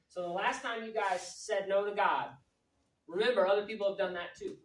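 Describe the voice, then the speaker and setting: A woman preaching a lively, jokey, conversational sermon to young people in a meeting hall. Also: medium pitch, moderate pace. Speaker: youth pastor. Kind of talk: youth sermon. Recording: roomy echo from a distant mic, faint noise.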